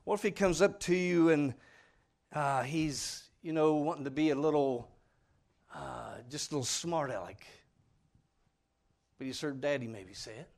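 A man's voice: on the high side, a little slow, gravelly, darkish tone. A man preaching a sermon in a folksy, earnest, pleading way, speaking plainly to his congregation. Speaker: pastor.

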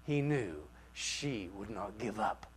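A man preaching a sermon, swinging from quiet asides to loud outbursts and acting out the voices he quotes. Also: on the low side, lively intonation, slow, slight background noise.

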